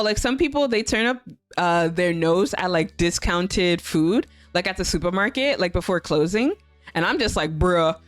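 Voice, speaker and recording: A woman's voice: fairly low pitch, no room sound. A young woman streaming a visual novel, reading it aloud and chatting in a giggly, gushing way.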